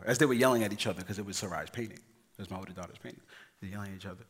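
A man preaching a sermon, telling family stories with acted voices and shifting between loud emphasis and quiet, casual delivery. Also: deep voice, very fast, breathy edge. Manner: animated storytelling, acting out voices of his kids; casual, addresses the congregation as y'all. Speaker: pastor.

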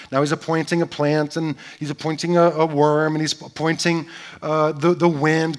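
A man preaching in a relaxed, conversational manner, his voice sitting a little high for a man. He mixes playful jokes into his teaching and keeps asking his listeners "right?". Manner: playful, joking asides. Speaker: pastor. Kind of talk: sermon.

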